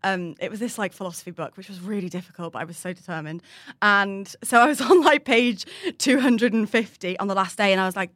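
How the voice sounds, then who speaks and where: A woman co-hosting a podcast, rambling through stories with self-deprecating humour. Her pitch is middling and her delivery casual. The sound is dry and close. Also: quick pace, fairly bright tone, dry recording. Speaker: podcast co-host. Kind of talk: casual storytelling chat.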